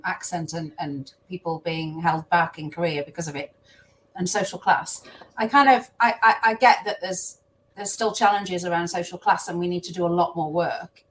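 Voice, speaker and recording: A woman with a fairly low voice joins a panel discussion, polite and earnest, stumbling over her first words. Faint noise sits behind her voice. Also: rough recording. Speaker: panel guest.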